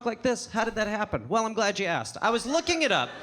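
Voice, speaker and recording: A man performing a stand-up comedy set at a live venue, animated and slipping into voices as he goes. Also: high voice, fast talker, a little hiss or hum. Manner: animated, acts out voices, laughs mid-joke. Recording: live show, faint audience.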